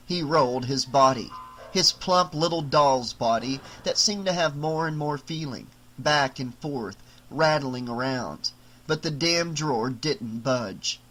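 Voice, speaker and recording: A man narrating an unabridged novel in a measured, dramatic storytelling voice. His pitch sits in an ordinary middle range for a man, and he paces the prose steadily. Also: fairly bright tone, rough recording. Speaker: audiobook narrator. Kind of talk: unabridged audiobook reading.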